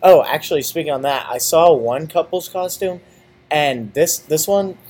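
A young man co-hosting a casual chat, telling stories in a profane, animated way and acting out quotes. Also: a little high, normal speed. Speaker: podcast co-host.

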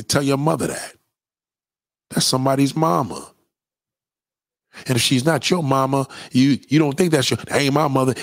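A man's voice: mid-range voice, no room sound, clean studio sound. A man delivering a profane, preachy rant straight at his audience. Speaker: commentator. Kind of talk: impassioned monologue rant.

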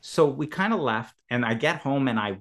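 A man's voice: medium pitch, lively intonation, normal speed, a bit bright. A man, a podcast guest, telling a personal story with lots of expression, laughing often and acting out both sides of a conversation.

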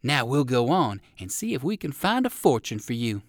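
A man's voice: mid-range voice, very animated, normal speed, no echo, clean studio sound. A man voicing a friendly young male dog in a storybook reading, talking in an eager, chatty way. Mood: grateful.

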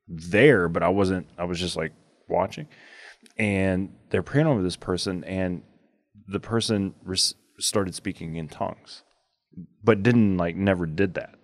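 A man with a deep voice hosts a podcast, chatting casually and telling stories loosely, with lots of filler words along the way. There's no room sound.

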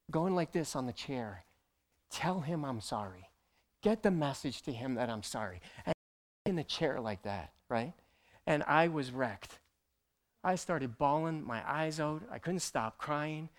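A middle-aged man from Canada, a pastor giving a conversational testimony sermon, halting and full of fillers and tag questions. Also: mid-range voice.

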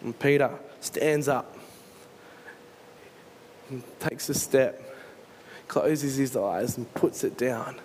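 A man's voice: medium pitch, a little mellow, slight background noise. A male pastor, preaching a sermon and retelling a story with earnest storytelling. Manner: earnest storytelling, dramatizes scenes.

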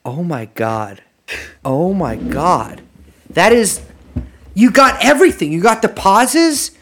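A podcast co-host chatting casually with a sardonic, rambling manner and frequent laughter. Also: male voice, sits high, sing-song, slow, fairly bright tone, a little hiss or hum. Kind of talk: casual chat.

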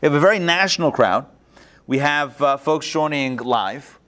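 A man teaching a live online class as a rabbi, lively and chatty, often thinking aloud and restarting his sentences, on a video call. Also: on the high side, moderate pace.

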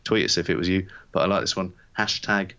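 A man from England co-hosts a podcast in a very low voice, rambling casually with plenty of ums and uhs. The recording sounds somewhat dull and lo-fi. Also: fast talker. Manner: relaxed, rambling with fillers. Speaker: podcast co-host. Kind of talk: casual chat.

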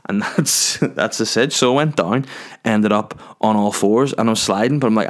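A man's voice: on the low side, moderate pace. A young man rambling through a crude, self-deprecating comic story.

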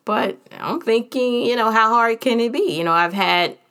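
A woman's voice: fairly high pitch, normal speed, a bit bright, clear, resonant tone. A woman telling a personal story in a frank, candid and humorous way, chatting casually with plenty of fillers.

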